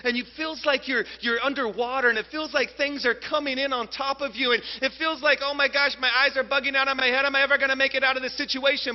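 A man in his thirties delivers a sermon in a high voice, telling a personal story with plenty of energy. He turns to his listeners often with direct questions. The recording sounds dull and muffled, with a long reverb from a large hall. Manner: animated storyteller, addresses the audience directly. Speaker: preacher.

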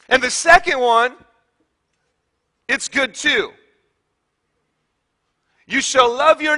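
A man's voice: very high voice, bright, forceful tone, long reverb tail. A man preaching a sermon to a congregation, telling stories with animation and reading scripture with strong emphasis. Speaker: pastor.

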